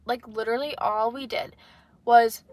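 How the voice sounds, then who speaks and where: A woman's voice: on the high side, steady tone, normal speed, no room sound. A young woman co-hosting a casual podcast from a car, telling chatty stories and teasing her friend. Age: young adult. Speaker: podcast co-host. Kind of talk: casual chat. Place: parked car.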